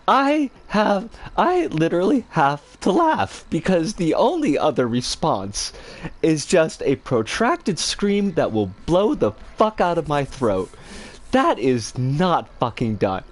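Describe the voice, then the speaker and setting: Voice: mid-range voice, sing-song, slow pace. A middle-aged streamer chatting with viewers on a livestream, ranting in an exasperated, profane way with frequent sighs and laughs. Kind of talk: livestream chat, responding to viewers.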